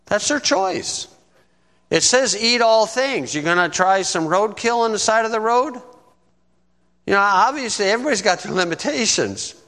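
A man's voice: sits high, animated, moderate pace, pushed and bright. Folksy preacher man in a reverberant hall. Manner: conversational, folksy, asks "okay?" often. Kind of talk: bible teaching sermon.

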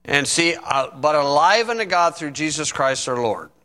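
A middle-aged man preaching a sermon, reading scripture slowly and adding folksy asides. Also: a little high, expressive, sharp tone. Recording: long reverb in a hall.

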